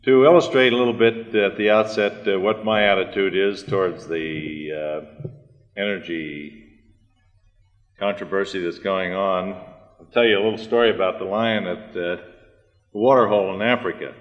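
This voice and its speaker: A man giving a prepared conference talk, measured and deliberate, with fillers and throat clearing. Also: low voice, steady tone, muffled recording. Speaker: conference speaker. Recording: reverberant hall, archive recording.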